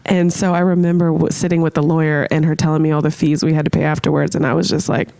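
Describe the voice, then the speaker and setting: A woman's voice: low-pitched, little pitch movement, fast talker, creaky, warm tone. A woman in her late twenties from Florida, a podcast guest telling her life story with candor, acting out what she and others said. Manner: earnest, emotional, acts out her own and others' words. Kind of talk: candid personal storytelling.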